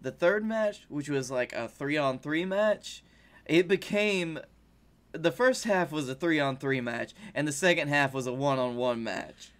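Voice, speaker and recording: A man co-hosting a podcast, chatting casually and calmly. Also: a little high, a little slow, clear, resonant tone. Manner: easygoing, brief backchannel replies. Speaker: podcast co-host. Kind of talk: casual chat.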